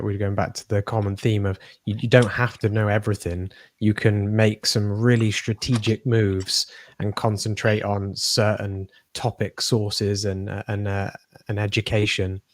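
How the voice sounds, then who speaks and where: Flat low-voiced male podcast host. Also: no echo. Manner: relaxed, repeats words while searching for phrasing. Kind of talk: casual podcast conversation.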